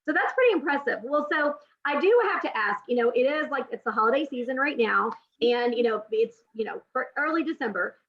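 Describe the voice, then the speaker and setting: A woman's voice: on the high side, expressive, brisk, hardly any pauses. A woman hosting an interview, asking long rambling questions full of fillers. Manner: rambling, many fillers while framing questions. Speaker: interview host. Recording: dull lo-fi audio.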